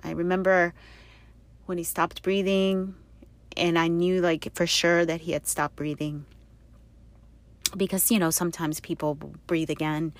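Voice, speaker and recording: A middle-aged woman hosting her own podcast, speaking softly and haltingly with many fillers, teary and emotional. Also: fairly low pitch, little pitch movement, dry recording. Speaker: podcast host. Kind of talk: personal podcast monologue.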